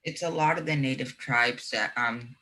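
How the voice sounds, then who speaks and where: A male student with a bright, forceful voice gives brief, considered answers in a class discussion. A faint hiss of noise sits under his voice. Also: medium pitch, normal speed, poor audio.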